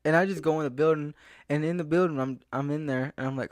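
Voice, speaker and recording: Man, young adult, casual ranting monologue, rambling and exasperated, a bit high-pitched, dry recording. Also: fairly even intonation, fast, dry recording. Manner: rambling, exasperated, restarts and quoted asides. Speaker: vlogger. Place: outdoors in a town, then home.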